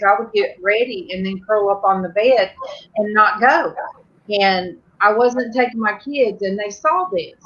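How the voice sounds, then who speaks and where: A woman's voice: mid-range voice, sharp tone, lo-fi sound. A woman rambling through a heartfelt story in a casual group chat, full of fillers.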